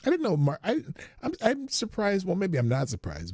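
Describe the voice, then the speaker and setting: A man's voice: high voice, huge pitch swings, normal speed, few pauses, a little mellow, husky, no echo, studio quality. A man hosting his own live morning stream, talking casually and rambling, often breaking off mid-sentence and laughing. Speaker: host.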